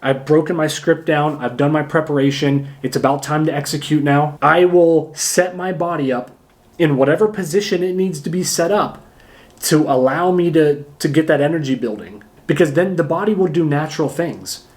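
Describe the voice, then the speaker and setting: A man acting coach giving a casual lesson to camera, energetic and emphatic, often pausing to demonstrate. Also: fairly high pitch. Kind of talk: casual instructional talk to camera.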